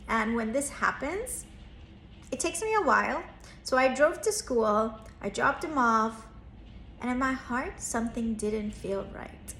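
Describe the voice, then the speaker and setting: A woman's voice: on the high side, animated, a little slow, fairly bright tone, reverberant, slight background noise. A woman in her thirties, a therapist and parenting coach, telling a personal story in an earnest, reflective way, lifting her voice when she acts out quoted lines.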